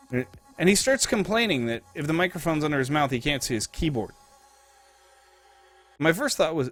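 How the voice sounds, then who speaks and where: A young man streaming live, ranting and telling stories in a casual, profane, animated way. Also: a little high, moderate pace, pauses often, soft background music.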